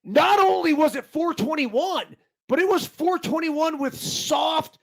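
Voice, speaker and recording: A man's voice: very high-pitched, a little slow, gravelly, a bit bright. Rambling profane ex-ballplayer man. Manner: rambling, profane, restarts a lot. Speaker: podcast co-host, former baseball player. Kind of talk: casual sports chat.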